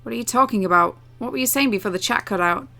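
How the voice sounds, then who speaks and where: A woman voicing an angry young woman in a game who fires off loud, insistent questions. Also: on the high side, fast talker, vocal fry, soft background music. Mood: demanding.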